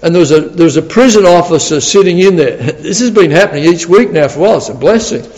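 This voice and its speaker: A man's voice: a little high, expressive, quick pace, darkish tone, long reverb tail, highs cut off. A man preaching a sermon in a chatty, storytelling way, laughing often and repeating words as he goes.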